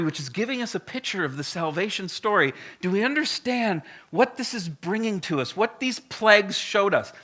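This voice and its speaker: A man's voice: sits high, sharp tone. A male pastor preaching a sermon in a blunt, emphatic, conversational way, with frequent direct asides to the congregation.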